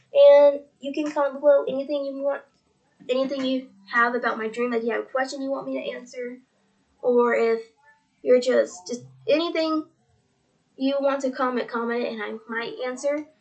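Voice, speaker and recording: A teenage girl with a high voice talks earnestly to her viewers in a faith vlog. She rambles, repeating "he's like" as she quotes, and her voice is tearful. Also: lo-fi sound. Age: teens. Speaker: religious vlogger.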